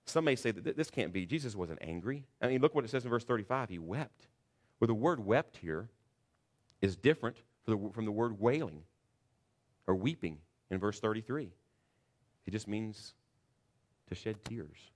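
A man preaching a sermon in a church, earnest and building to loud, emphatic passages. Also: fairly low pitch, animated, moderate pace, pauses often. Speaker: pastor.

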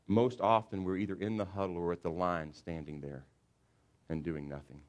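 A pastor delivers his sermon in a fairly low male voice. He tells a story with lively, acted-out asides and speaks to his congregation in plain, conversational words. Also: moderate pace. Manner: animated storytelling, acts out football players.

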